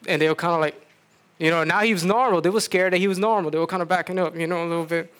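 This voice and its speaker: A man's voice: fairly high pitch, steady tone, very fast, fairly bright tone. A man with a South Louisiana accent preaching a sermon in a folksy, storytelling way, often stopping to restart.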